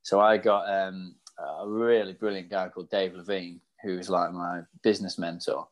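A man's voice: sits low, flat delivery, normal speed. A man in casual chat as co-host, talking about coaching and studies, laughing easily at himself. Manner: laughs easily, self-deprecating.

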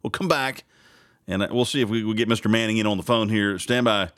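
A man hosting a morning talk radio show, blunt and animated, often laughing at his own remarks. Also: fairly low pitch, quick pace, smooth, no room sound, clean studio sound.

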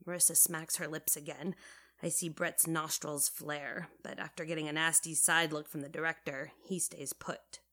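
A young woman narrating first-person audio fiction in a wry, casual, deadpan way. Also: deep voice, normal speed.

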